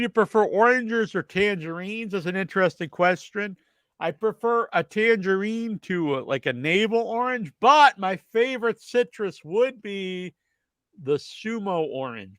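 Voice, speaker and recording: A man's voice: high-pitched, a bit bright, dry recording. A man hosting a live podcast with a stuffed-up nose, answering viewer questions in a rambling, casual way with plenty of fillers. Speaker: podcast host. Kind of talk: casual live-stream chat.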